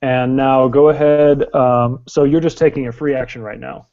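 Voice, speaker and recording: A man's voice: mid-range voice, steady tone, normal speed, dull audio. A man acting as game master, explaining the rules step by step with many fillers. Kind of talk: running a tabletop game.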